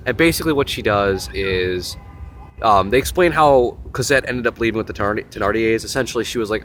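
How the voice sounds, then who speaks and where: A young man hosting a casual vlog, retelling a novel in a rambling, animated way with lots of fillers and asides. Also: fairly low pitch, moderate pace, a little hiss or hum. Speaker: host.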